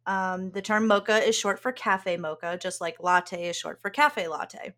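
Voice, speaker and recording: A woman's voice: medium pitch, normal speed, fairly bright tone. A woman co-hosting a podcast, explaining things in casual chat and laughing often. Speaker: podcast co-host.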